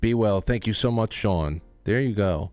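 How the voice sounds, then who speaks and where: A man hosting a call-in show, talking casually and rambling with many halting restarts. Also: on the low side, darkish tone, smooth, no echo. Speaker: host. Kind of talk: casual chat.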